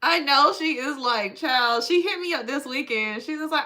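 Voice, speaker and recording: A woman's voice: high-pitched, animated, moderate pace, hardly any pauses, sharp tone. Laughing, chatty woman streamer. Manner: chatty and playful, laughs often, teases viewers. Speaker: livestream host. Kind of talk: casual livestream chat with viewers.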